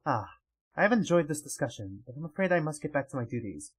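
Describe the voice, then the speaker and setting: A man's voice: fairly high pitch, big pitch swings, breathy edge, voice pushed down, rough recording. A man reading a gracious, formal female ruler. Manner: measured and formal.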